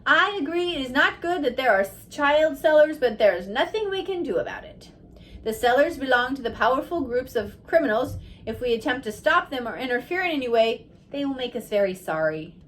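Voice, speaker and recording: Stern, emphatic official issuing orders, read by a woman; firm, unhurried. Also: a little high, expressive, close to an everyday voice. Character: stern male official, commanding.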